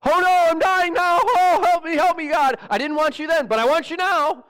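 A man's voice: lowish voice, steady tone, slow, darkish tone, voice pushed down. A man voicing a panicking, whining prophet who pleads for help in mock tears. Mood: panicked whine.

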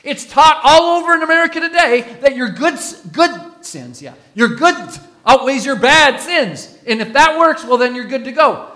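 A man's voice: extremely high pitch, expressive, normal speed, sharp tone. A man preaching a sermon as pastor, emphatic, putting questions to the congregation.

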